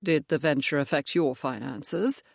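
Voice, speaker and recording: A narrator voicing a stern male cavalry major who speaks in a measured, firm way in an audiobook. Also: fairly high pitch, creaky, no room sound, clean studio sound. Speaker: character in an audiobook. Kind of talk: audiobook character voice.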